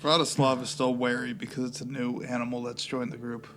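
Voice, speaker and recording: A man's voice: medium pitch, level tone, a little fast, a bit bright, slight background noise. A man playing a tabletop game, describing his character in a wry, matter-of-fact way. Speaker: player. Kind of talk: casual game banter.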